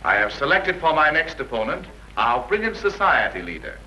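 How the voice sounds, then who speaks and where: A sinister, unseen host who speaks over the radio in a slow, formal announcer style. His tone is hard and piercing, with a faint hiss behind it. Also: fairly high pitch, very animated, bright, forceful tone, exaggerated voice, poor audio. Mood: ominous. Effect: radio broadcast voice. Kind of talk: 1930s film acting.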